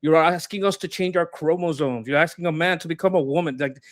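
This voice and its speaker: A man's voice: a little high, a little fast, dry recording, clean studio sound. A man arguing his political views with heat, swearing and repeating himself as he gets worked up. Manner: impassioned, swearing, repeats words when worked up. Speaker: co-host. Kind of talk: heated political discussion.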